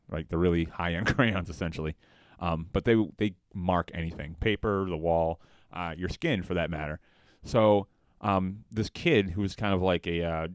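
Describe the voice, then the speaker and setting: Deep-voiced young man, blunt and crude. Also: no echo. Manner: blunt, crude humor with swearing and fillers. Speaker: podcast co-host. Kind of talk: casual chat.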